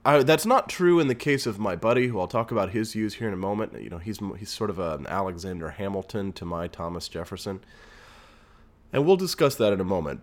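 Fired-up male podcast host, lively pitch. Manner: fired-up, ranting, reads news aloud with asides. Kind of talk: political commentary monologue.

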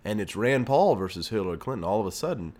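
Fired-up male podcast host, lively pitch. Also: fast talker. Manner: fired-up, ranting, reads news aloud with asides. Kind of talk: political commentary monologue.

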